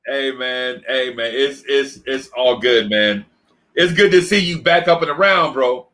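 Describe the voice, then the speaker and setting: A man hosting a casual sports chat, with slang-heavy talk and drawn-out hype. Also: medium pitch, pushed and bright. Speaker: podcast host.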